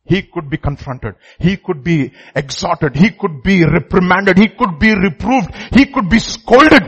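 A man's voice: high-pitched, a little slow, fairly bright tone, slightly rough, low-quality recording. A man preaching a sermon who stresses his points by repeating phrases and putting questions to the congregation.

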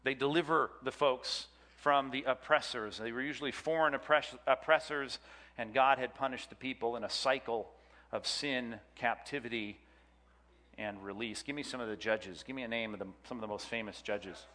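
A man's voice: medium pitch, normal speed, sharp tone. A man teaching a Bible class, chatty and joking, quizzing the audience. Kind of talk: classroom lecture with audience questions. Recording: long hall reverb.

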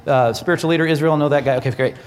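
A man voicing a shady, money-minded fortune-teller woman with brisk, offhand patter. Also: a little high, lightly acted. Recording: echoey hall.

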